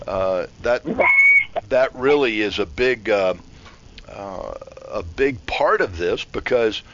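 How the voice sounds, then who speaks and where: A man's voice: on the low side, animated, very noisy. A man hosting a call-in radio show, talking in a hesitant way full of fillers. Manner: hesitant, filler-heavy, slow. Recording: dull lo-fi broadcast audio.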